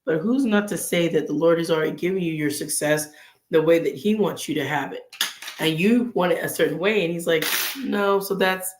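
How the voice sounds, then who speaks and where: A woman's voice: low voice, fairly quick, a little mellow, echoey room, a little hiss or hum. A woman hosting a casual vlog, sharing faith and personal stories in an earnest way and acting out bits of inner dialogue. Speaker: vlog host.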